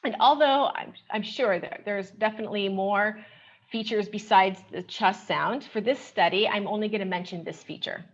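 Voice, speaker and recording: Presenting her paper at a conference, a woman researcher speaks in a measured, explanatory manner, frequently starting with "okay." Her medium-pitched voice comes through a muffled recording.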